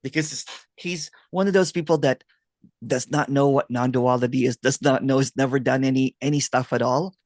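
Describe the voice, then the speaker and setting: A man's voice: mid-range voice, moderate pace, no echo, clean studio sound. A man hosting a casual chat on a video call, telling stories with lots of laughter. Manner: laughs a lot, animated storytelling. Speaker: host, non-duality guide.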